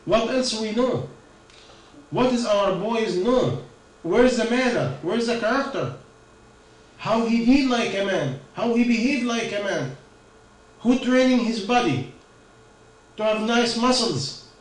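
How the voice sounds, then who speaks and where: A man's voice: sits high, lively intonation, slow, long pauses, roomy sound, distant mic, poor audio. A man giving an informal religious talk, firing rhetorical questions and answering them himself. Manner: questioning, rhetorical, non-native phrasing. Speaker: preacher.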